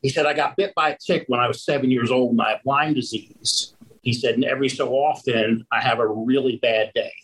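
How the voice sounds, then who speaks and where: A man, a roofing contractor, telling lively stories in a casual conversation and acting out the people in them. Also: mid-range voice, brisk, slightly rough, poor audio. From Pennsylvania. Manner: animated storyteller who acts out the people in his story.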